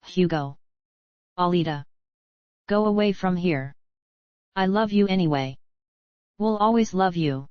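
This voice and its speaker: A woman reading a screenplay aloud in a flat manner, naming each speaker before the line. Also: on the low side, a little slow, pauses often, dry recording, highs cut off.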